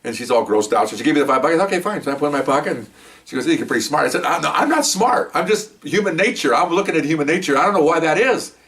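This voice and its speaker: A man's voice: a little high, expressive, very fast, fairly bright tone, far from the mic. An older man, a retired police officer, telling stories in a rambling, conversational way full of asides and restarts. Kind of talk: casual storytelling to camera.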